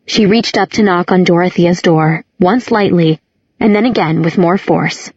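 A woman narrating a novel at a measured, descriptive pace. Her voice is husky and slightly breathy. The recording is dry and a little dull. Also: fairly low pitch, a little mellow, dry recording. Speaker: audiobook narrator. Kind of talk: scripted narration.

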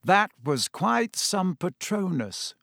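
Professor Lupin, soft and measured, as voiced by a man. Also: sits high, big pitch swings, gravelly, dry recording, studio quality, pitched above the performer's own voice, full character voice. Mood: gentle. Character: calm, kindly male teacher, quietly amused.

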